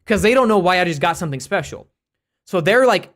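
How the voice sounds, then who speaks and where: An American streamer and teacher telling a story casually on a live stream, in an animated, rambling way, full of restarts and fillers. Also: medium pitch, fairly quick. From United States.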